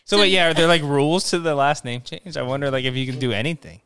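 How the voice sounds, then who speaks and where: A young man co-hosting a podcast in casual chat, enthusiastic and quick to laugh. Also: a little high, fairly bright tone, clear, resonant tone, dry recording. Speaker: podcast co-host.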